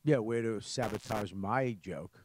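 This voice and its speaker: A man's voice: on the low side, measured pace, a little mellow, slight background noise. A man with a Boston accent, a comedian guesting on a radio show, playfully ribbing the host. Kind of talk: casual radio banter. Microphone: studio microphone.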